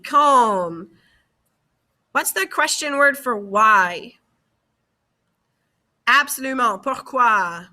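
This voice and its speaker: Slow, bright-voiced woman teacher. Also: a little high. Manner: slow, careful, repeats key words for students. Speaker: French teacher. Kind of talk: slide-based classroom lesson.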